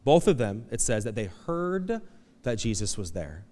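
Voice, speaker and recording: A man preaching a conversational, animated sermon as pastor, acting out quoted voices. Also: mid-range voice, normal speed. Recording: long hall reverb.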